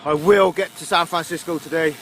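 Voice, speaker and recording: A man's voice: fairly high pitch, steady tone, brisk, fairly bright tone, a little hiss or hum. A man from England with a Gloucestershire accent, rambling in a casual video diary while riding his bike outdoors, full of fillers. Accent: Gloucestershire English. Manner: rambling, chatty, with frequent fillers and laughs. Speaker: touring cyclist vlogger. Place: outdoors on a roadside while cycling.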